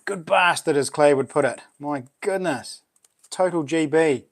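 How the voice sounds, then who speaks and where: A man hosting a casual livestream chat, laughing often and reacting excitedly to viewers. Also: on the high side, a little slow. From New Zealand. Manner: chatty, laughs often, exclaims. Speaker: livestream host.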